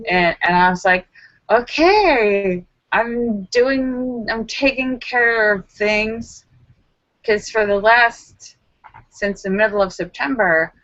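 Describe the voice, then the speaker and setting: Slow-talking woman on a dull lo-fi stream. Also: a bit bright, no echo. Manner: rambling storytelling with many fillers and restarts; acts out her own frantic self-talk in sudden high squeals. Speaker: livestream host. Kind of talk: casual live-stream chat. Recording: dull lo-fi sound.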